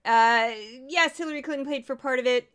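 A woman's voice: high voice, a little fast, fairly bright tone. Sarcastic woman podcast host, rambling. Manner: sarcastic, rambling, many restarts. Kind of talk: casual commentary on news clips.

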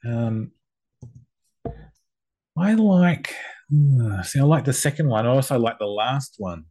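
Male guest judge, relaxed, hesitant, descriptive, mid-pitched voice. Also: slow. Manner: easygoing, descriptive, hesitant with fillers. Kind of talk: casual chat.

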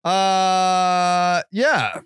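A man's voice: high voice, little pitch movement, extremely slow, fairly bright tone, clear, resonant tone, dry recording. Sarcastic, profane man hosting a podcast. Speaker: podcast host. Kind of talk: solo podcast monologue, reading and ranting.

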